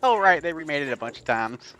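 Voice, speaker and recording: A man giving casual commentary on a video game race, jokey and quick to tease and laugh. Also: fairly high pitch, sing-song, pushed and bright, poor audio. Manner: jokey, laughs easily, teasing.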